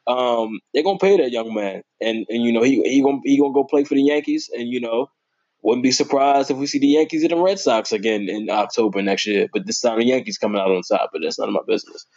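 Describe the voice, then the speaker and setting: A young man hosting a casual sports podcast, informal and playful, his voice jumping high when he gets excited. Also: fast. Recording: dull lo-fi recording.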